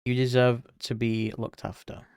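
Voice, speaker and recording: A man's voice: medium pitch, flat delivery, normal speed, darkish tone, clean tone, dry recording, studio quality. A man with a British accent, an art streamer chatting casually with his viewers while he draws. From Britain. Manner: reads chat aloud and answers viewers by name, chatty. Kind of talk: casual livestream chat while drawing.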